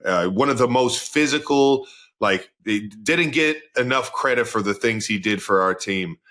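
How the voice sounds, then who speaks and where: Bright-voiced casual podcast host. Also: male voice, medium pitch, expressive, unhurried. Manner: loose, rambling storyteller and questioner.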